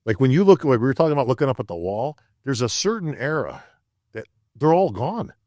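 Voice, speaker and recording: Animated older man telling stories. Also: medium pitch, brisk, no room sound. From upstate New York. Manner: animated, acts out quotes, says "bro" and "right?". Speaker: podcast guest. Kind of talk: casual storytelling.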